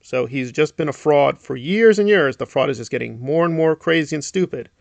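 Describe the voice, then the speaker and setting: A man's voice: on the high side, fairly quick, gravelly, no echo, lo-fi sound. A middle-aged man giving a sarcastic, indignant commentary, often mocking others with put-on voices. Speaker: commentary YouTuber. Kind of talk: ranting commentary.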